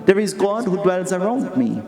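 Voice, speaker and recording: A man's voice: high-pitched, sing-song, moderate pace, vocal fry. A man with a Trinidadian accent preaching a sermon as a Hindu pandit, stressing his points and repeating questions to the congregation. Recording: reverberant hall with music behind.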